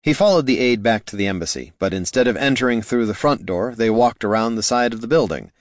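A man narrating a fantasy story aloud in expressive scripted narration. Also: medium pitch, quick pace, no echo, studio quality. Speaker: audiobook narrator.

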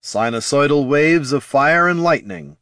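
A man's voice: on the high side, a little slow, sharp tone, dry recording, studio quality, voice pushed up. A man voicing a bookish male wizard who talks in a precise, eager way.

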